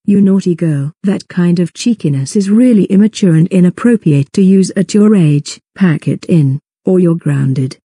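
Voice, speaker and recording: Stern cartoon mum, woman voicing her, dark husky voice, dry sound. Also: fairly low pitch, moderate pace, hardly any pauses, dry recording. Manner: stern, scolding. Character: strict, scolding cartoon mother.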